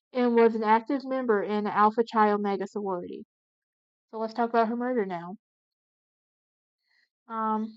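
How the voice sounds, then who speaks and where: Higher-pitched woman recapping a true crime case. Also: clear, resonant tone, dry recording. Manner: reads from notes with frequent restarts and self-corrections. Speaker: true crime channel host. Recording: dull lo-fi, dry recording.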